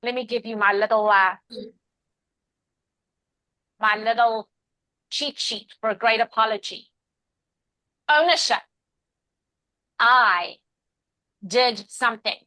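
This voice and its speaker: A woman's voice: on the high side, slow, pauses often, pushed and bright, rough recording. A woman in her forties teaching an interactive class, upbeat and encouraging, calling on participants by name.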